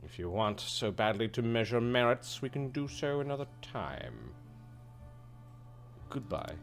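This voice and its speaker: A man's voice: medium pitch, animated, a little slow, faint music behind. A man voicing a haughty, arrogant male noble baron, with a pompous, drawling delivery.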